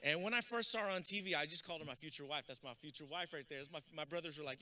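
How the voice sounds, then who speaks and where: A man's voice: a little high, rapid-fire, bright, forceful tone. A man from Texas giving a graduation keynote, telling comic stories and building to a rousing close at a podium microphone. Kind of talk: motivational storytelling speech. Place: school graduation ceremony.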